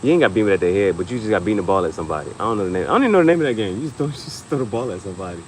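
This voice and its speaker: A young man with a lowish voice riffs through a casual comedy chat, laughing as he tells stories. He keeps jumping into high-pitched acted quotes of other people. A faint steady hum sits behind him. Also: very fast, poor audio. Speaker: podcast host.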